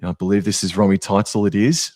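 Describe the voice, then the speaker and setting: A man's voice: fairly low pitch, steady tone, fast talker, a little mellow, no room sound. A man with an Australian accent co-commentating a live match in a casual, chatty way full of slang. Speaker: sports co-commentator.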